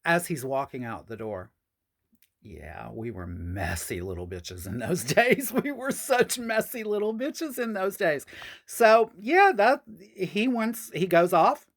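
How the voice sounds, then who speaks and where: A woman's voice: on the low side, sing-song, takes it slowly. A woman telling a personal story on a podcast, frank and profane, with sassy asides.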